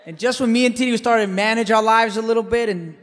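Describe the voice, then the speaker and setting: A man performing a comic stage monologue in a theater, telling his story with animated swings between loud and hushed delivery. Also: very high-pitched, quick pace, a faint crowd. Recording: live hall reverb, faint background noise.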